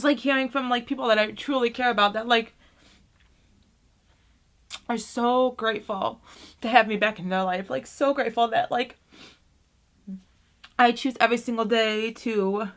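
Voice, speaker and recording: Rambling young woman, higher voice. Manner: rambling, many "like" fillers, emotional and grateful. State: tearful at times. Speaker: vlogger. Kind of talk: casual get-ready-with-me chat. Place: at home, doing makeup.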